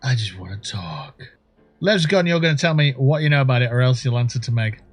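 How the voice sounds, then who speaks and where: Excitable, profane male gaming streamer. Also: mid-range voice, fairly quick, soft background music. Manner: profane, jokey, bursts into excited whoops. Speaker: livestream gamer host. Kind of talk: casual gameplay commentary.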